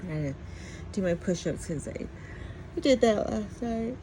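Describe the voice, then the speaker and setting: A woman's voice: medium pitch, lively intonation, moderate pace, background noise. A middle-aged woman chatting casually at home in a morning vlog, rambling and laughing often. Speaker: vlogger.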